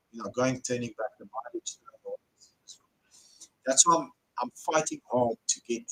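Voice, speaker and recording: South african man, car dealer, blunt, animated storytelling, live q&a host. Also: mid-range voice, rough recording. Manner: blunt and animated, swears when riled.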